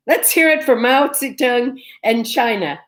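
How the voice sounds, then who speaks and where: Middle-aged woman hosting a morning vlog, chatty and animated, pitched a bit high. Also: takes it slowly. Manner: chatty, animated, talks straight to viewers. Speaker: vlog host. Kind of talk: casual storytelling chat.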